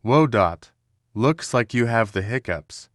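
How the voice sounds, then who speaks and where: A man's voice: medium pitch, animated, slow, no echo, studio quality. A man voicing a playful young cartoon boy who likes pranks, speaking eagerly. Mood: friendly.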